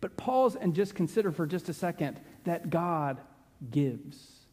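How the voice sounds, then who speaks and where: A man preaching a sermon as pastor, earnest, slowing down and dropping to a hush to stress a point. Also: fairly high pitch, expressive. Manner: earnest, slows down and drops to a hush for emphasis. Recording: long reverb of a large hall.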